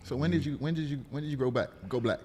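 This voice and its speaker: A man's voice: medium pitch, very fast, mellow, big-room sound, a little hiss or hum. A man co-hosting a podcast, chatting casually and teasing his guests. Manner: teasing banter. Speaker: podcast co-host, former NBA player. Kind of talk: casual chat.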